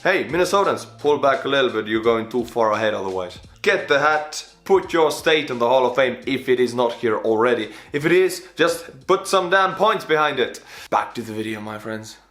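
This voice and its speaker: Estonian-born guy in his 20s, goofy excitable commentary, roomy sound. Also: medium pitch, normal speed. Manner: playful, jokey, excitable shout-outs. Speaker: YouTube host reacting to a video. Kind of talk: casual reaction commentary. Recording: roomy echo with faint music.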